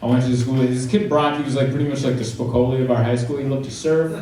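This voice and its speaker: A man's voice: mid-range voice, fairly even intonation, fast talker, mellow, slight background noise. A man performing a stand-up comedy set, telling his story animatedly and acting out scenes. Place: comedy club stage. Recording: echoey stage sound from far off, audience. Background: audience laughing.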